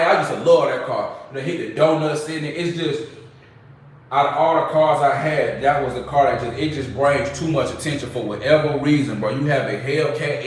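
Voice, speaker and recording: A man's voice: fairly high pitch, far from the mic. Man telling a loose story in an echoey room. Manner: animated, loose slangy storytelling with sound effects. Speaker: vlogger. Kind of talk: casual storytelling to camera.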